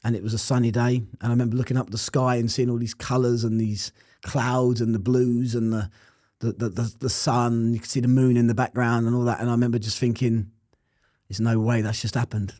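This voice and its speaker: A man's voice: medium pitch, level tone, fairly quick, a little mellow, dry recording, clean studio sound. A man telling his personal testimony in an interview, earnest and reflective. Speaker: interview guest.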